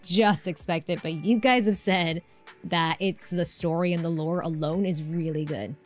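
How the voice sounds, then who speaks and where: A woman's voice: on the low side, steady tone, normal speed, soft background music. A woman live-streaming a game, chatting casually and answering her chat with lots of fillers and restarts.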